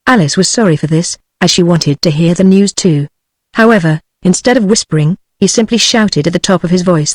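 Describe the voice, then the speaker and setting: A text-to-speech voice narrating a storybook audiobook, with a flat synthetic delivery. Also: mid-range voice, normal speed, no echo.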